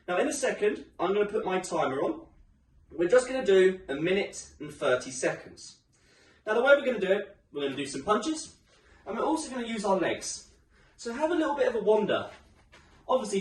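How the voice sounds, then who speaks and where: A man's voice: high voice, a little hiss or hum. A man leading a home workout class, upbeat and encouraging, a little out of breath as he goes. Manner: upbeat, encouraging, chatty coaching. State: slightly out of breath. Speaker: fitness instructor. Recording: echoey room, mic some distance away.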